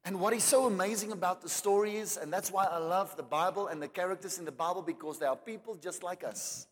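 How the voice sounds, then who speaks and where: A man preaching a sermon, swinging between loud climaxes and quiet asides. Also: high voice, fast talker. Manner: dramatic preaching with rising shouts and soft drops. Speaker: pastor. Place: church hall. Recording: long hall reverb.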